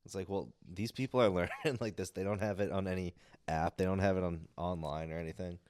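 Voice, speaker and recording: Very deep-voiced joking man. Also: steady tone, fairly quick, darkish tone, clear, resonant tone, no echo, clean studio sound. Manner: joking, laughing along, chiming in. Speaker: podcast co-host. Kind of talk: casual chat.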